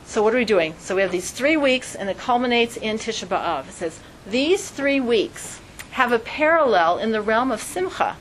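A woman teaching an informal Torah class, lively, acting out quoted voices in a sudden high pitch. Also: normal speed, a little hiss or hum, poor audio.

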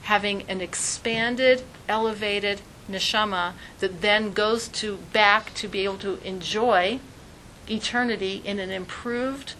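Woman religious teacher, mid-pitched voice, animated storytelling delivery, faint noise behind. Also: measured pace, low-quality recording. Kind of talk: spiritual talk.

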